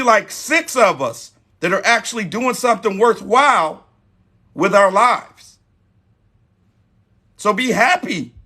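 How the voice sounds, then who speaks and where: A man's voice: high-pitched, bright, forceful tone. A man in his forties hosting a live dating-advice talk, emphatic and repeating his key points. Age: 40s. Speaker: host.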